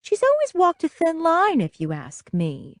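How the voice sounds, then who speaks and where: A woman's voice: extremely high pitch, wildly swooping pitch, unhurried, no room sound, clean studio sound, pitched above the performer's own voice, full character voice. A woman voicing a devout middle-aged mother who lectures her daughter in an instructive, finger-wagging way. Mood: lecturing.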